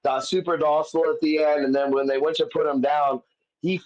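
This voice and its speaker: A man's voice: on the high side, fairly even intonation, fairly quick, darkish tone. A man, a comedian guest, telling stories in casual chat, swearing often and rambling with many fillers. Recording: dull lo-fi audio.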